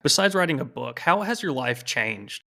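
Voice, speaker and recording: A male podcast host chatting casually and enthusiastically, often repeating words as he reacts. His voice is bright and forceful at a middle pitch. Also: big pitch swings, moderate pace, vocal fry. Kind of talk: casual interview.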